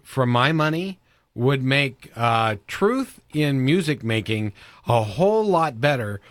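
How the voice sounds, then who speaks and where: A man's voice: mid-range voice, lively intonation, a bit bright, no room sound. Radio host guy, dry close mic, keeps saying absolutely, stop-start sentences. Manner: eager, agreeing often, halting restarts. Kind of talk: casual interview chat.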